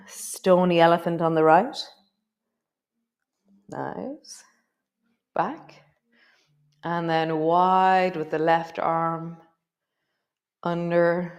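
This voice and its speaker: Middle-aged lady leading yoga, slow and easy, lowish voice, gentle cues. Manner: gentle, unhurried cues with soft laughs. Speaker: yoga teacher. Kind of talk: guided yoga class instruction.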